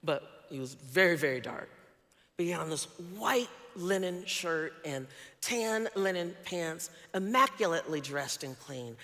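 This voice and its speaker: A woman's voice: lowish voice, lively intonation, a little slow, a bit bright, long reverb tail. A woman preacher telling a personal story in a sermon, earnest and emphatic.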